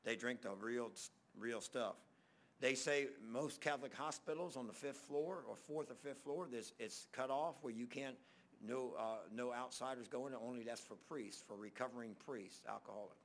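Man, preacher, rambling storytelling sermon, mid-pitched voice, quick bursts, trailing off low. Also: fairly bright tone.

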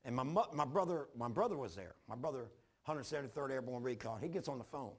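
An older man preaching a sermon, telling his own story in a folksy, repetitive way with sudden loud bursts. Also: mid-range voice, expressive, fast, breathy edge. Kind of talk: sermon with personal testimony.

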